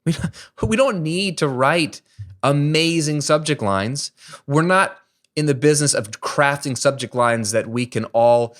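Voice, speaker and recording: A man's voice: fairly high pitch, measured pace, fairly bright tone. A man teaching online business to camera in a casual, emphatic way, peppering his points with rhetorical questions and self-deprecating asides.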